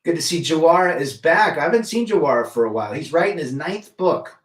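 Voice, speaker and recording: Picked up by a faraway mic in an echoey room, a middle-aged man runs a casual livestream. His voice is fairly high, expressive, and fairly quick as he reads chat, welcomes viewers by name, and speaks his mind bluntly.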